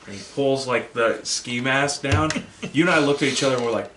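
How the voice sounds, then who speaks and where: A man co-hosting a podcast, telling stories in relaxed casual chat. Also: mid-range voice, fairly quick, roomy sound, noisy background. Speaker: podcast co-host and editor.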